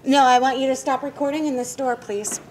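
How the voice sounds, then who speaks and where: A woman's voice: high-pitched, flat delivery, a little fast, darkish tone, slight background noise, low-quality recording. Firm no-nonsense store worker woman. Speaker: store employee.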